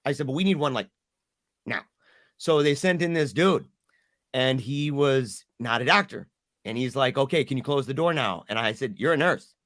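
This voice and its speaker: Middle-aged man, guest storyteller, animated, does the voices, dry room. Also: medium pitch, moderate pace, dry recording. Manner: animated, acts out quoted voices. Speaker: podcast guest. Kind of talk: emotional storytelling.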